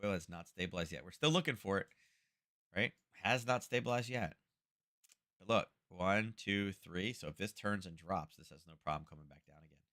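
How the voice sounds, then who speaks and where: A man running a casual live trading stream in a low, pressing, forceful voice. He thinks out loud, keeps checking in with "right?", and chats with regular viewers by name. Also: expressive, normal speed. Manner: thinks aloud, frequent "right?" tags; chatty, greets viewers by name. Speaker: trading livestream host. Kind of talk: casual live market commentary.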